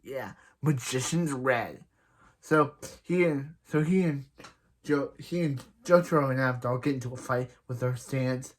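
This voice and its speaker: A man casually recapping an anime episode, rambling, restarting sentences, and often trailing off quietly. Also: medium pitch, a little slow, slight background noise. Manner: rambling, with frequent restarts and "he's like" retellings.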